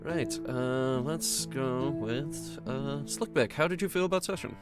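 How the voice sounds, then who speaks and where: A man's voice: medium pitch, measured pace, loud music behind the voice. A man leading a casual chat as game master, asking short, mumbled questions.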